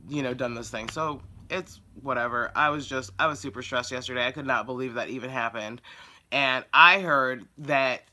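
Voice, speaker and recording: A woman's voice: extremely low pitch, pushed and bright. A woman who works as a dog groomer tells a story in a casual vlog, blunt and exasperated as she vents.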